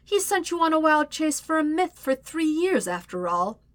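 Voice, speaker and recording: A woman's voice: high voice, sing-song, moderate pace, dry recording, pitched above the performer's own voice. A woman voicing a cruel, gloating teenage princess who taunts in a sing-song croon, in an audiobook-style fiction reading. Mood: taunting.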